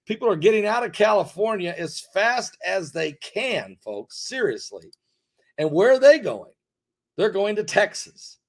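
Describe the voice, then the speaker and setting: Middle aged guy from the us, kinda high voice, ranting to camera, lists stuff over and over, gets loud then drops way down. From United States. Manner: rapid lists with repetition, swings from loud rises to quiet asides. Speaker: online preacher and commentator. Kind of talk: emphatic direct-to-camera monologue.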